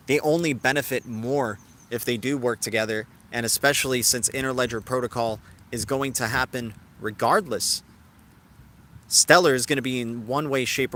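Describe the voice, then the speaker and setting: Chatty male crypto streamer, bright voice. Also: mid-range voice. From Cuban heritage. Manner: chatty, reads out viewer chat and answers it. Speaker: crypto livestream host. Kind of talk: casual live-stream commentary.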